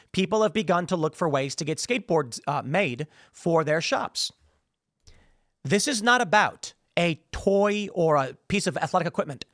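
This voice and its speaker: A man with a fairly high voice hosts a political commentary show, recorded dry and in studio quality. He is sarcastic, opinionated and animated, acting out the voices of the people he quotes.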